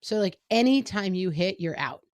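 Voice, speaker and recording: A woman's voice: medium pitch, expressive, normal speed, darkish tone, no echo, clean studio sound. A middle-aged woman co-hosting a parenting podcast in casual chat, often acting out exchanges with her kids. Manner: chatty, acts out quoted exchanges with her kids. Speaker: podcast co-host.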